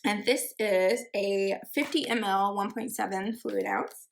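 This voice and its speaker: A woman's voice: mid-range voice, steady tone, measured pace, background noise. A woman chatting casually through a perfume haul, full of fillers, giggles and teasing herself about pronunciations. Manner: unsure pronunciations, self-teasing. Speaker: beauty vlogger.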